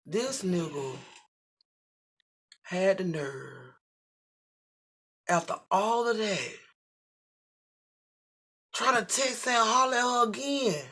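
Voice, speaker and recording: A middle-aged vlogger tells a story casually to the camera in a husky, slightly breathy voice. The delivery is animated and full of profanity, slipping into the voices of the people in the story. The pitch sits in the middle of the range. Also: slow, pauses often.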